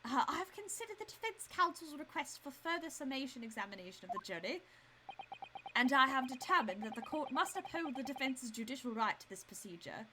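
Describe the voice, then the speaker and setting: A woman voicing a stern older male trial judge who speaks in formal, measured courtroom phrases over game music. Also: sits high, big pitch swings, pushed and bright, slight background noise, heavily acted, low-quality recording.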